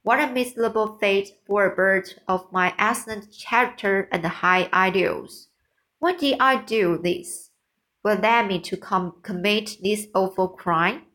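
A woman reading the lines of a proud, remorseful male trumpeter swan in a storybook, slow and earnest, with halting repeats. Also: medium pitch, fairly bright tone, close to an everyday voice.

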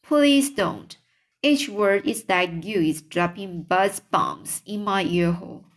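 A woman reading a children's book aloud, voicing a huge, kindly old male giant with mangled grammar, slowly. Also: lowish voice, natural voice. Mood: pleading. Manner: slow storybook reading of a giant's lines.

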